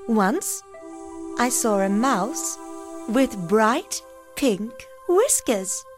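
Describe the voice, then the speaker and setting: A woman voicing a kindly older aunt in a storybook, speaking slowly and gently. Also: fairly high pitch, sing-song, music in the background, pitched above the performer's own voice, full character voice. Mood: wondering.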